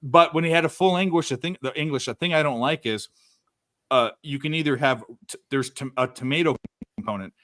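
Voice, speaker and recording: A man's voice: on the high side, a little fast, fairly bright tone, dry recording, studio quality. A man co-hosting a sports betting stream, talking casually and profanely, repeating words as he starts sentences. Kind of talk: casual chat.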